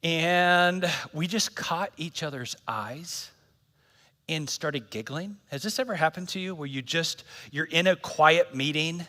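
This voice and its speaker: High, bright-voiced man preaching in a hall. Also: measured pace. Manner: casual, joking, slangy preaching. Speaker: pastor. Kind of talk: sermon. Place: church service.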